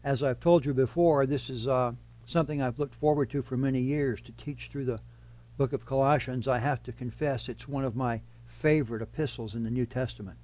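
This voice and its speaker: A man preaching a Bible study sermon in a measured, emphatic teaching manner. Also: mid-range voice, fairly even intonation, warm tone. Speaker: pastor.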